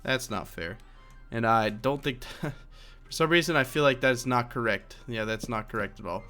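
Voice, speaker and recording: Soft music sits behind a young man's pushed, bright, medium-pitched voice as he narrates a Minecraft building tutorial at a moderate pace. The delivery is chatty and rambling, dotted with fillers and self-corrections.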